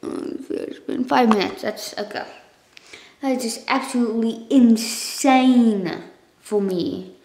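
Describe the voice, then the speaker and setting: Lady rambling through a casual vlog, takes it slow, echoey room. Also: on the high side, darkish tone. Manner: rambling, self-correcting, coughs and clears throat. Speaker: channel owner. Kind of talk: casual thank-you vlog. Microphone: phone.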